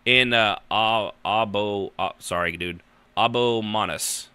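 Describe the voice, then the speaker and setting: A man's voice: fairly low pitch, slow pace, pushed and bright, clear, resonant tone. A tired man hosting a casual podcast chat, rambling and joking in mock outrage. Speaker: podcast host.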